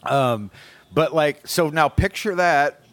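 A man's voice: fairly high pitch, takes it slowly, a bit bright, dry recording. A man hosting a podcast in a rambling, casual way, laughing often. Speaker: podcast host. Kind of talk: casual chat.

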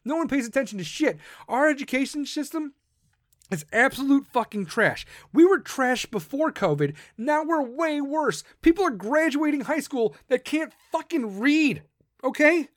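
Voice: high voice, expressive, normal speed, dry recording. Podcast host ranting, swears constantly, combative, dry close sound. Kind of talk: political rant.

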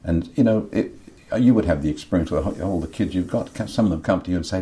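A middle-aged man, appearing as a podcast guest, talks openly and earnestly about his faith and inner life, repeating words as he feels his way forward. His voice sits low and warm, and his pace is quick.

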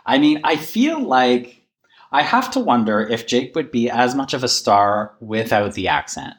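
A man co-hosting a casual recap podcast, recapping with quick reactions and easy laughs. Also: mid-range voice, sing-song. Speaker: podcast co-host. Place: recorded in person in a room.

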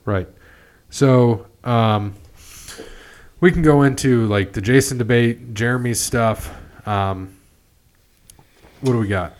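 A man's voice: mid-range voice, takes it slowly, long pauses. A man hosting a casual chat, rambling through a recap with lots of fillers and restarts. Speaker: podcast host.

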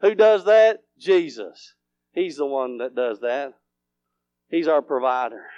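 A man preaching a sermon, swinging between fervent shouts and near whispers. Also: medium pitch, slow pace, no room sound, dull audio.

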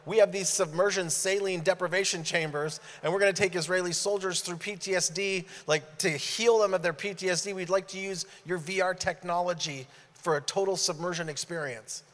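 A man preaches to a church congregation, voice slightly higher than most men's. He tells his stories with animation and acts out every dialogue. His voice carries a long reverb tail from a large hall. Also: a bit bright. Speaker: guest preacher. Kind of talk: sermon storytelling. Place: church sanctuary.

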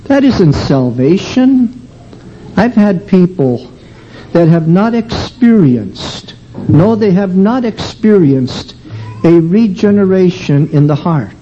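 A man preaching with slow, deliberate emphasis, his voice dark and mellow though pitched fairly high. The recording is dull and lo-fi, with a faint hum underneath. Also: sing-song. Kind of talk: sermon.

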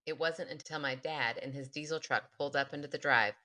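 A woman podcast co-host reading a listener's spooky story aloud in casual chat, laughing often and slowing for dramatic pauses. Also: sits low, bright, forceful tone.

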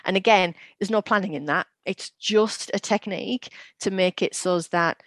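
A woman's voice: mid-range voice, normal speed, no room sound. A woman in her forties, a guest on an education podcast, explaining teaching methods through practical classroom examples. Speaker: guest, education company CEO. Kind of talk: podcast interview.

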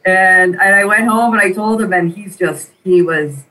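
A middle-aged woman, an interview guest, telling a personal story in an animated, emotional way and repeating phrases for emphasis. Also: mid-range voice, normal speed. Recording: voice a bit distant from the mic.

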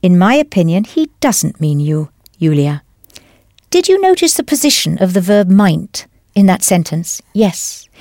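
A woman teaching a language lesson in a clear, patient, encouraging scripted voice. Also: lowish voice, sing-song, unhurried, warm tone, dry recording, studio quality.

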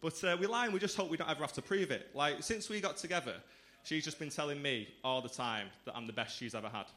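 A man's voice: on the high side, fast talker, sharp tone. A man doing a stand-up set in a comedy club, chatting cheekily with the crowd. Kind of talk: stand-up routine.

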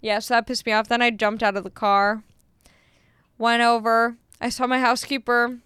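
An animated young woman recounting a story in a casual chat, swearing freely and slipping into the voices of people she quotes. Her voice sits a bit high and sounds very smooth and clear. The sound is dry, with no room echo. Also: normal speed.

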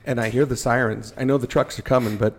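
A middle-aged man with a gravelly, somewhat husky voice, telling a story in an easy, casual way. He sounds animated and drops playful asides. His pitch sits in an ordinary middle range. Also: quick pace. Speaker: podcast guest.

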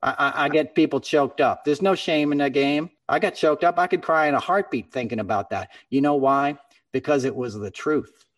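A man's voice: fairly high pitch, moderate pace. Podcast host, male, earnest and impassioned, mic a little distant. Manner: earnest and impassioned, calls his co-host man and brother. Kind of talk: casual podcast chat.

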